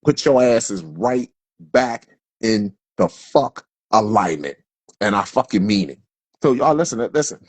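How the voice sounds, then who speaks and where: A man's voice: fairly low pitch, animated, unhurried, slightly rough, dry recording. A man delivering a heated, profane livestream rant from Philadelphia, stumbling over repeated words as he builds up. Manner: profane, fiery, repetitive, stammering restarts. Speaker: livestream host.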